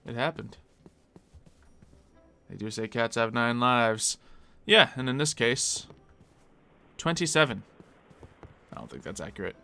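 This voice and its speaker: A man's voice: medium pitch, expressive, unhurried, creaky, pauses often, sharp tone, dry recording. A man streaming a game live, chatting casually and answering viewers as he plays. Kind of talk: casual live-stream chat while gaming.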